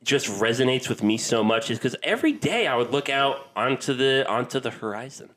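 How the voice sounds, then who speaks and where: A man's voice: mid-range voice, lively intonation, a little fast, a bit bright. A man from the Oregon coast co-hosting a film podcast, playful and joking, slipping into mock pirate talk. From Oregon coast, USA. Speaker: podcast co-host. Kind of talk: casual podcast banter.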